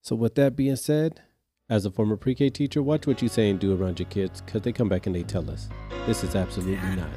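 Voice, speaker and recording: A man's voice: on the low side, fairly quick, dark tone, faint music behind. A man hosting a podcast, retelling a story casually and animatedly, with growing exasperation. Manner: speaks straight to listeners in slang. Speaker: podcast host.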